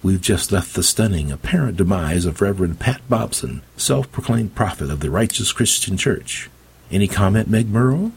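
A man voicing a pushy female TV news reporter with a brisk on-air delivery. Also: lowish voice, lively intonation, gravelly, breathy edge, voice pushed up, heavily acted.

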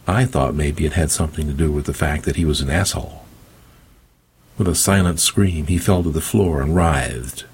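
A man's voice: extremely low pitch, normal speed, a little mellow, a little hiss or hum. A man narrating an audiobook in the first person with dry, wry storytelling.

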